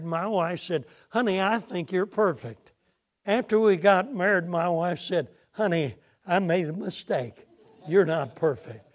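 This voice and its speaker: Male preacher, slow deliberate delivery, dramatic pauses, storytelling sermon. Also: high voice. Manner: dramatic pauses, retells stories with acted quotes.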